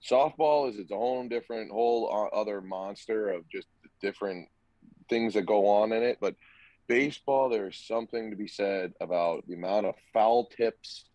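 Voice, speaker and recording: Low-voiced man telling animated stories. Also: normal speed, no room sound, muffled recording. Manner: animated storyteller, acts out quotes. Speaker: guest, former college hockey player. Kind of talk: casual podcast chat.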